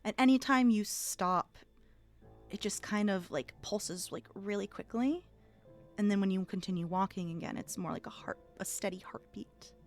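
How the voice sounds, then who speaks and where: A woman game master describing scenes in a tabletop role-playing game in a relaxed, descriptive way with many fillers. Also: mid-range voice, normal speed, soft background music.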